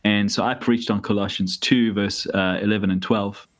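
Low-voiced New pastor explaining. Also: male voice, steady tone. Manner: measured, explanatory, teacherly. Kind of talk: casual theological explanation.

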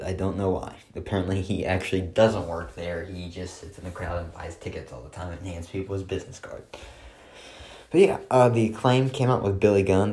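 A man's voice: low voice, dark tone. A man recapping a wrestling show in a casual solo review, dry and sarcastic, with lots of filler words.

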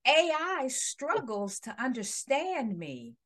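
A woman's voice: high-pitched, very animated, slow, a bit bright. Chatty woman, Northern-Southern US accent. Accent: mix of Detroit and Southern US. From Detroit, Michigan. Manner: chatty, many "you know" fillers. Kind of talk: casual conversation.

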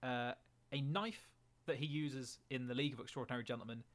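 A man's voice: medium pitch, fairly quick. A man taking part in a casual podcast game, rambling through his story with plenty of laughter.

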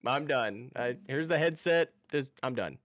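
A man's voice: mid-range voice, unhurried, dry recording. A man in his thirties chats on a podcast and tells his stories with lots of movement in his voice, rising and falling as he acts out each voice. The sound is dry and close, with no room around it. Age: 30s. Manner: animated storyteller, acts out voices. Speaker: podcast guest. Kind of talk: casual chat, storytelling.

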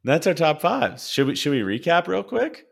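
A man's voice: a little high, moderate pace, creaky, slightly rough. A man co-hosting a podcast, chatting eagerly and jokingly about favourite films. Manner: enthusiastic, jokey, restarts when excited. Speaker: podcast co-host. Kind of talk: casual chat.

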